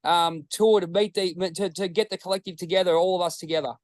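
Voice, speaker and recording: Australian host, excitable rambler, higher pitch, dry close mic. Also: male voice, fast talker, no echo, low-quality recording. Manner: rambling, excitable, swears freely. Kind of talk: casual chat.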